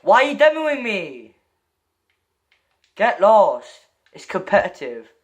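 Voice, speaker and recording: High-voiced excitable guy. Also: slow. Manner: excitable, stammering, repeats himself. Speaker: gamer opening loot crates. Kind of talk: excitable gaming commentary, chatting with a friend.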